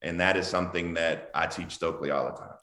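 A very deep-voiced man speaks as a guest on a video call. He talks in an animated, emphatic way and laughs often. His voice rings around a noticeably echoey room. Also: fast talker. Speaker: guest author. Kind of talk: casual interview over video call.

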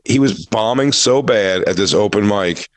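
A man's voice: lowish voice, normal speed. A man hosting a comedy talk show, telling stories in a casual chat and acting out bits in silly voices. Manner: animated storytelling, acts out bits in silly voices. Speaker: comedy podcast host.

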